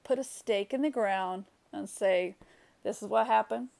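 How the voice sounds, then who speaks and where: Candid woman with a gravelly voice. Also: medium pitch, a little slow, darkish tone. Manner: reflective, candid, with many fillers and restarts. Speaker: vlogger. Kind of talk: personal storytelling monologue.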